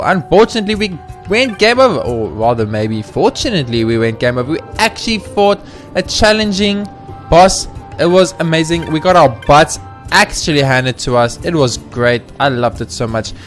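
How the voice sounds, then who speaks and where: A man hosting a let's play, chatting excitably and playfully about the game. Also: a little high. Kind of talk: gameplay commentary. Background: faint game music.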